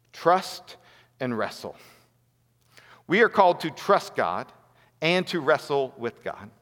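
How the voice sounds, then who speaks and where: A male preacher with a fairly high voice delivers an earnest sermon, pressing his listeners with rhetorical questions. His voice rings out with a long hall reverb trailing each phrase. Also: a bit bright.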